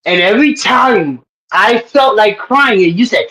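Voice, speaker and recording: A woman teases a friend on a live audio panel. She laughs often and swears freely, and her voice jumps up in pitch whenever she acts out what someone said. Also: animated, a little slow, a bit bright, low-quality recording. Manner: profane, teasing. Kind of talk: casual chat.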